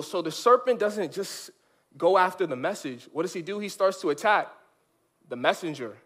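A man preaching a lively sermon for children, animated and emphatic, with big swings from high to low. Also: normal speed. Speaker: children's pastor. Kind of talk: sermon for kids.

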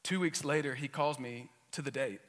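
A man's voice: medium pitch, normal speed, fairly bright tone, big-room sound. A male pastor giving a sermon, telling a personal story with humor and frequent restarts. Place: church sanctuary.

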